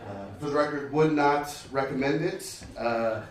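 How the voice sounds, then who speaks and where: Rambling stand-up comic in echoey club. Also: male voice, medium pitch, a little slow, distant mic, noisy background. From United States. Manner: casual, rambling delivery with many fillers. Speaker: stand-up comedian. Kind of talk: stand-up comedy set. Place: comedy club stage.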